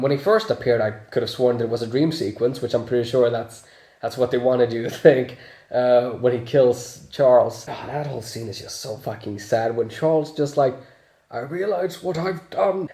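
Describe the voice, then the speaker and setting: Mellow-voiced man in an echoey room. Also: mid-range voice, fairly even intonation, moderate pace. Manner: chatty, laughs often, swears freely. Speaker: movie reviewer. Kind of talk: casual spoiler review.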